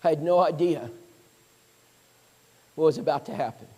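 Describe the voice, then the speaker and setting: A man's voice: fairly high pitch, moderate pace. A man preaching a sermon, telling stories and acting out the voices of people he quotes. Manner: animated storyteller, acts out quoted voices. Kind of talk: storytelling sermon. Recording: long hall reverb.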